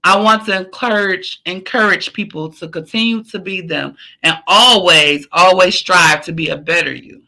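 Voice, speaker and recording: A woman's voice: lowish voice, normal speed, vocal fry, few pauses, pushed and bright, low-quality recording. A woman hosting a podcast, giving a repetitive, emphatic pep talk in a casual, slangy, sometimes profane way. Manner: emphatic, repetitive, preachy encouragement. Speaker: podcast host. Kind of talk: motivational podcast sign-off.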